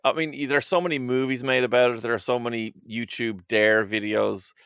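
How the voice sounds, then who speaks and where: A man co-hosting a podcast, asking wry follow-up questions and agreeing in quick asides. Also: medium pitch, steady tone, vocal fry, a bit bright, clear, resonant tone, dry recording, studio quality. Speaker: podcast co-host. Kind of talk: casual chat.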